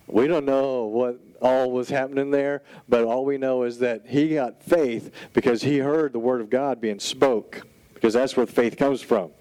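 A man preaching a sermon in an animated, conversational storytelling style, full of casual asides. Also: medium pitch, unhurried, clear, resonant tone, no echo, poor audio. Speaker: pastor.

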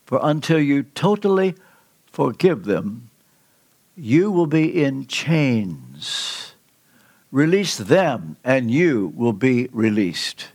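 An older man preaching a sermon in a church, telling a personal story with earnest, slow, emphatic pauses. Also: mid-range voice, big pitch swings, a little mellow, breathy edge. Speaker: pastor. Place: church sanctuary.

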